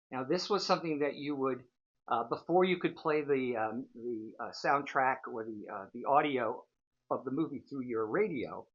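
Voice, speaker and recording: A man's voice: mid-range voice, highs cut off. A man in his sixties, a show host telling a casual, rambling story full of fillers. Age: 60s. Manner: chatty, rambling, frequent fillers.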